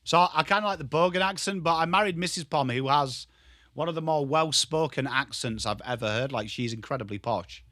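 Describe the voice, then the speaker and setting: An English man hosting a live football watchalong, chatting with his viewers and swearing casually while he calls the play and shouts at big moments. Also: on the high side, fairly quick, dry recording, clean studio sound. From England. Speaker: livestream host.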